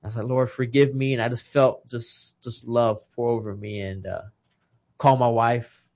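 A man's voice: mid-range voice, steady tone, moderate pace, a little mellow. A man in his thirties, a retired boxer from Texas, telling an emotional personal story in a casual interview, earnest and full of restarts.

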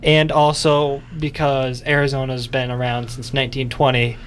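A man's voice: medium pitch, flat delivery, moderate pace, a bit bright, a little hiss or hum. A young man co-hosting a college radio sports show, chatting casually and easygoingly with his co-host.

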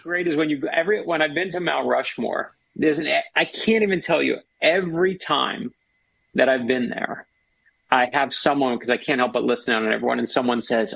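A man's voice: mid-range voice, normal speed, creaky, fairly bright tone, husky, poor audio. A man, an author guest, telling stories with enthusiasm in a casual conversation. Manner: enthusiastic, storytelling.

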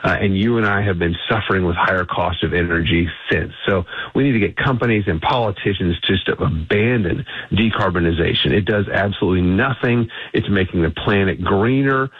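A man's voice: low voice, fairly quick, few pauses, husky, no room sound. A man giving confident, emphatic answers as a guest in a radio interview. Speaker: energy think tank CEO, guest. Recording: tinny phone line.

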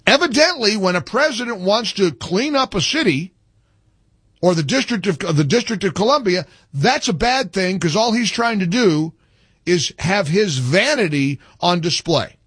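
Male commentary host, high husky voice, lively and sarcastic, indignant monologue. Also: a little slow, no echo. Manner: sarcastic and indignant, with animated rising emphasis.

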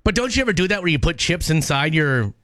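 A man's voice: fairly high pitch, fast, no room sound, clean studio sound. Playful laughing radio host man. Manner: playful, laughs often, animated. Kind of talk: casual morning radio banter.

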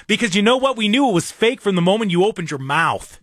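A man's voice: sits high, expressive, fast talker, few pauses, fairly bright tone, no echo, studio quality. A man hosting a talk show, delivering a heated, exasperated rant with frequent stammering restarts and mocking jabs.

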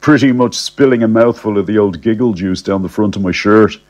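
A man narrating a comic first-person story in a wry, deadpan, chatty way. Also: on the low side, fairly quick.

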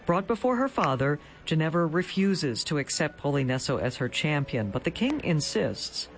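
A man giving a scripted narration as a broadcast announcer, measured and polished. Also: fairly high pitch, big pitch swings, a little hiss or hum.

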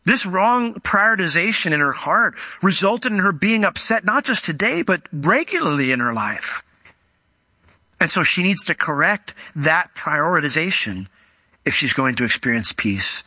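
A man delivers a sermon with a very bright, ringing tone and a slightly raised pitch. He explains the meaning of words, asks rhetorical questions and acts out the voices of the figures he quotes, all recorded dry and close. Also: big pitch swings, moderate pace, husky, no room sound. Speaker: preacher.

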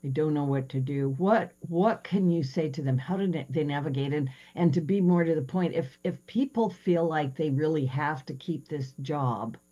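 A host with a mellow, relaxed tone asks long, circling questions and keeps affirming with "yeah". The audio is dull and lo-fi, with a mains hum. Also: mid-range voice, normal speed, hardly any pauses. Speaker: podcast host. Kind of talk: interview questions.

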